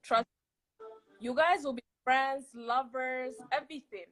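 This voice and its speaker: A woman chatting as a guest on a video call, animated and emphatic, often repeating herself for effect. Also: high voice, a little slow, soft background music, low-quality recording. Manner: animated, laughing, emphatic repetition. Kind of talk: casual chat on a video call.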